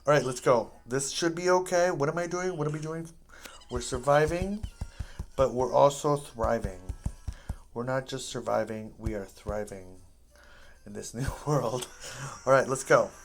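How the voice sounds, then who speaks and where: A gaming host rambling through casual commentary, joking around and breaking into high-pitched yelps when things go wrong. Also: measured pace, soft background music. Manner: jokey, playful asides.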